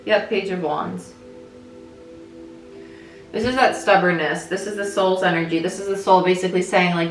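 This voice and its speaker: A woman with a fairly low voice talks her way through a tarot spread in a relaxed, conversational flow, often tossing in a quick "right?" to her listeners. The room around her rings with echo, and soft music plays faintly underneath. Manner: chatty, thinks aloud, frequent "right?" check-ins. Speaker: tarot reader. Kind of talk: casual tarot reading.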